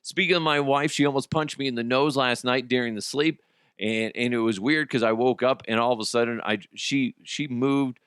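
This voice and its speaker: A middle-aged man hosting a podcast, telling comic stories in a casual monologue, swearing and acting out quotes in high voices. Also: moderate pace, fairly bright tone, smooth, dry recording, clean studio sound. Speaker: podcast host.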